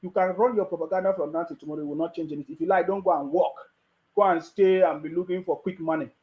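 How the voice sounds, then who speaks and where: A man's voice: a little high, fairly even intonation, quick pace, a little mellow, low-quality recording. A man with a Nigerian accent giving a mocking, scolding political rant with frequent restarts. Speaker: political commentator. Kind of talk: ranting video commentary.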